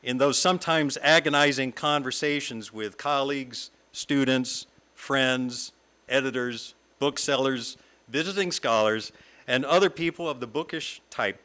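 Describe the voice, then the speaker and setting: A man's voice: mid-range voice, bright, forceful tone. Middle-aged man reading a lyrical reflection. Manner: lyrical, measured reading with long lists. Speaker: guest speaker at a fellowship service. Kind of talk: reflective talk read from a script.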